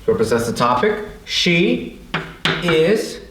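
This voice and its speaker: A man's voice: a little high, big pitch swings, slow pace, background noise. A man from the United States explaining basic grammar in a casual classroom way, asking rhetorical questions and repeating himself. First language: English. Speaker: language teacher. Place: room with a whiteboard. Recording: echoey room.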